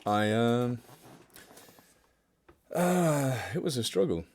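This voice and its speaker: A man's voice: mid-range voice, lively intonation, slow, darkish tone. A young man hosting a livestream, chatting casually with viewers, joking about himself and answering their questions. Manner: chatty, self-mocking, answers chat questions. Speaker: livestream host.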